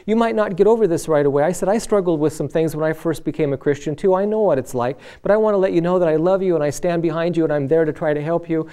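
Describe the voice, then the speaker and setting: An earnest middle-aged man tells his personal testimony, with the easy, talky rhythm of a lay preacher. His voice sits a touch high for a man and comes through smooth and resonant. He slips into the voices of the people in his story as he goes. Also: fast talker, few pauses, mellow. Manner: earnest, conversational, acts out quoted voices.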